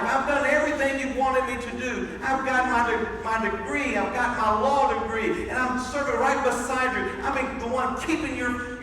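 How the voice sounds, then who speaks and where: A man in a church voicing a bitter, angry grown son who shouts accusations at his father. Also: very high-pitched, slight background noise. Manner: shouting accusations, shaking with anger. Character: furious grown son, a bitter young lawyer. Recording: echoey hall, far from mic.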